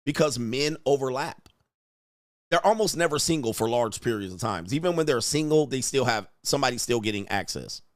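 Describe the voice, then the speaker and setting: Guy hosting a show, lively voice bouncing up and down, crude and blunt, dry close sound. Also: mid-range voice, fairly quick, no room sound. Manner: blunt, animated, crude, mocking. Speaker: podcast host. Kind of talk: commentary reacting to a clip.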